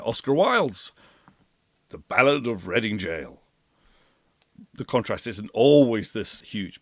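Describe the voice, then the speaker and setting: A Scottish man whose first language is Gaelic, teaching pronunciation deliberately and sounding words out as a language coach. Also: mid-range voice, no echo, studio quality. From Scotland. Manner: deliberate and explanatory, models sounds aloud. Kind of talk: spoken language lesson.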